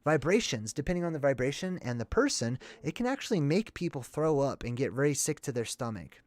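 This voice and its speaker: A man hosting a casual movie commentary video, talking in a chatty, excitable and rambling way. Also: medium pitch, brisk, dry recording.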